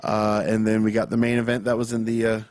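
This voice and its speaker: A man co-hosting a podcast, chatting about wrestling with animated, swearing, repetitive restarts. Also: lowish voice, fast talker, no room sound. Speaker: podcast co-host. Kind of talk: casual wrestling chat.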